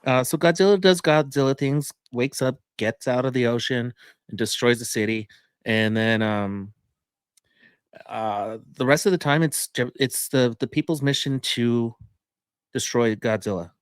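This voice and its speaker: A man's voice: mid-range voice, a little slow, clean tone, no echo, clean studio sound. Man rambling through a movie review. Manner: rambling, enthusiastic, many fillers. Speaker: podcast co-host, movie reviewer. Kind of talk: casual movie review chat.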